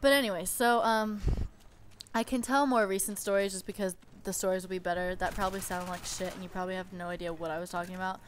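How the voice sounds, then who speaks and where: Young woman, mid-pitch, chatty exasperated storyteller, faint hiss behind. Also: steady tone, fast talker. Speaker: babysitter telling stories. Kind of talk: casual storytime vlog.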